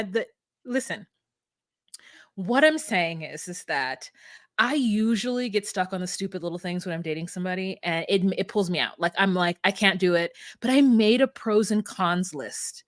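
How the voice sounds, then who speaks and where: Animated woman co-host, storytelling recap, dry close sound, mid pitch. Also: moderate pace, dry recording. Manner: animated storyteller, laughs often. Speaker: podcast co-host. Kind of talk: casual recap chat.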